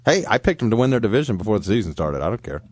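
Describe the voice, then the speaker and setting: A man's voice: fairly low pitch, sing-song, racing, a little mellow, no echo, studio quality. A man co-hosting a casual sports talk show, arguing his points emphatically. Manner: emphatic, argumentative. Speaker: co-host.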